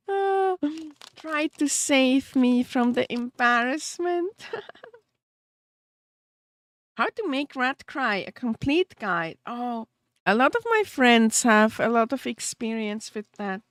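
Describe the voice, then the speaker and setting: A woman's voice: a little high, expressive, takes it slowly, long pauses, fairly bright tone, no room sound. A woman VTuber streamer chatting casually with her viewers, giggly and openly emotional, laughing often and rambling with small restarts.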